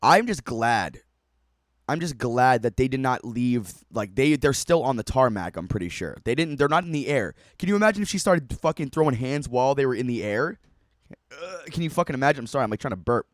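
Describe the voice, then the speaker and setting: A man's voice: medium pitch, animated, brisk, no echo. Guy cussing and laughing through a clip, really bouncy voice, dead dry sound. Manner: profane, laughing, mocking running commentary. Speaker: streamer reacting to a video. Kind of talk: casual reaction commentary.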